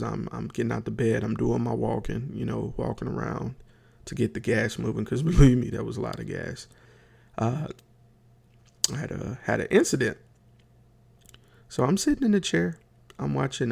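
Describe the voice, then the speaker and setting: A man's voice: mid-range voice, creaky, a little mellow, breathy edge. A man hosting a podcast, telling a comic story in a rambling, chatty way, full of fillers and talking straight to his listeners. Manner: chatty, addresses listeners directly; rambling with many fillers and restarts. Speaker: podcast host.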